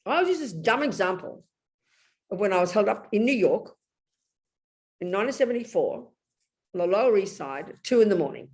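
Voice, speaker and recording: An older English woman teaches with blunt, lively energy, her pitch leaping and falling as she tells her story. She shifts quickly from quiet asides to sudden loud outbursts. Her talk is direct and unpolished. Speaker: Buddhist nun teacher. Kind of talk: Dharma talk.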